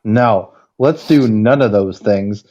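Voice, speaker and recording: Mellow-voiced sarcastic man, dull lo-fi sound. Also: on the low side, takes it slowly. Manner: sarcastic, exasperated. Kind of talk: casual sports chat.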